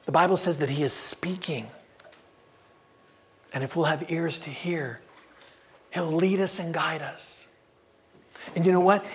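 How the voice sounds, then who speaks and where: Preaching man with emphatic rhetorical questions. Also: high-pitched. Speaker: pastor. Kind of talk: sermon.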